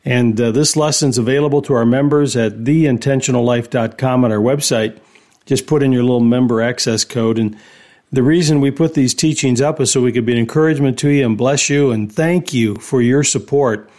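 A man's voice: medium pitch, brisk, a little mellow. A man hosting a Christian radio show, speaking in an encouraging, preacherly way to listeners. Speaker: radio host and Bible teacher.

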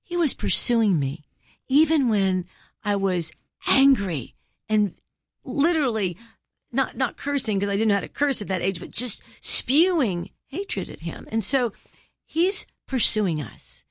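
A woman's voice: medium pitch, big pitch swings, unhurried, no room sound, clean studio sound. A middle-aged woman, an author guest, telling a personal faith story with earnest storytelling and preachy questions to listeners.

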